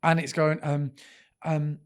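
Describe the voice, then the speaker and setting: A man's voice: on the high side, level tone, slow pace, clean tone. A man co-hosting a podcast, telling stories with lots of energy, acting out both sides of phone calls and swearing freely. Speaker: podcast co-host. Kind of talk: casual chat.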